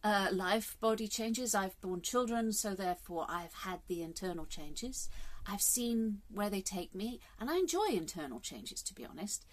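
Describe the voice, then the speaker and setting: A woman's voice: mid-range voice, animated, normal speed. Woman, fifties, casual vlog, rambling, candid, reflective. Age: 50s. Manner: rambling, candid, swears for emphasis. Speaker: vlogger.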